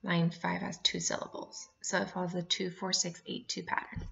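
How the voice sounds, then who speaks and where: A woman teacher giving a remote lesson, explaining clearly and slowing down to spell out each point. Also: fairly low pitch, completely flat delivery, a bit bright, muffled recording. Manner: clear and instructive, reads poems aloud, slows down to explain.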